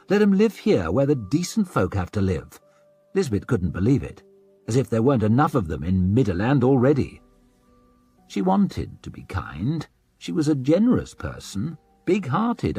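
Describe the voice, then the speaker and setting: A man narrating an audiobook with expressive reading, slipping into scornful character asides. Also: fairly low pitch, slightly rough. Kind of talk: scripted narration.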